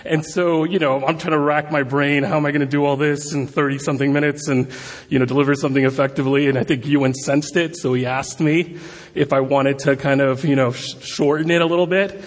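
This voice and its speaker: A man's voice: fairly high pitch, fairly even intonation, a little fast. A man giving a guest sermon at a church service, talking in a chatty, self-deprecating way with many fillers. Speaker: guest preacher. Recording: long hall reverb.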